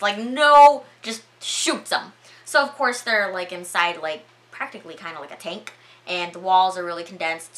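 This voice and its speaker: Chatty young woman with a bright voice. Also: fairly low pitch. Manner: chatty, lots of filler words, excitable. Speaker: vlogger. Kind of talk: casual movie recap.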